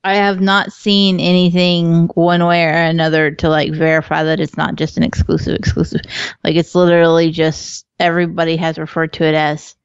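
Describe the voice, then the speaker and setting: A woman's voice: sits low, level tone, normal speed, clean tone, no echo. A woman co-hosting a podcast in casual chat, talkative, laughing often and swearing freely. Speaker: podcast co-host. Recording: slightly dull lo-fi audio.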